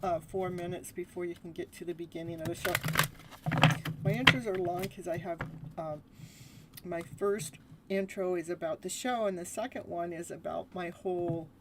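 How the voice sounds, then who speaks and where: A woman's voice: on the low side, steady tone, normal speed, very noisy. Chatty, giggly woman tarot reader. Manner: chatty, laughs often. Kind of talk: live tarot reading chat.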